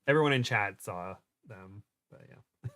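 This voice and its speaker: A man's voice: on the low side, measured pace, sharp tone, no echo. A man with an American accent, chatting casually as a guest on a livestream, laughing often and trailing off mid-sentence. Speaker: guest co-host.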